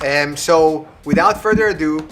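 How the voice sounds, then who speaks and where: A man's voice: on the high side, normal speed, fairly bright tone, soft background music. A man hosting a live online variety show over a video call, upbeat as he introduces the next act. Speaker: host.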